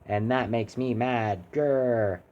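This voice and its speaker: A man's voice: mid-range voice, steady tone, takes it slowly, dull audio, close to an everyday voice. A man voicing a sulky pet monster.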